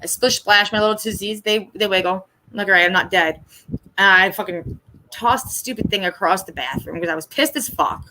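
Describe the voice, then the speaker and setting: A woman hosting a candid live chat, telling blunt, profane stories and acting out quoted lines with lively emphasis. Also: medium pitch, fairly quick, noisy background. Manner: blunt, profane storytelling with animated re-enacted quotes. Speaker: host.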